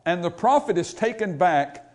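A man preaching a sermon to a church congregation, swinging between loud, raised exhortation and quiet, low asides, and often asking the people questions. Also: expressive, moderate pace. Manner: talks to the congregation with questions and calls. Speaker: pastor.

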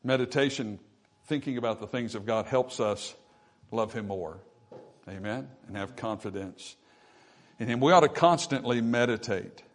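A male pastor delivers a sermon at an ordinary pitch, surging to loud peaks and sinking to near hushes as he makes his points. He reads scripture in old-fashioned wording and talks directly to the congregation. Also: moderate pace. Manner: preaching with swells of volume and soft drops.

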